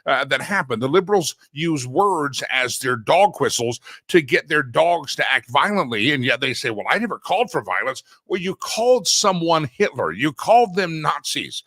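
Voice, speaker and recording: A man's voice: on the high side, animated, normal speed, few pauses, a bit bright, no echo. A middle-aged man from Texas, hosting a talk show and ranting through a sarcastic, opinionated monologue. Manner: sarcastic, ranting, laughs at his own jokes. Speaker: radio talk show host.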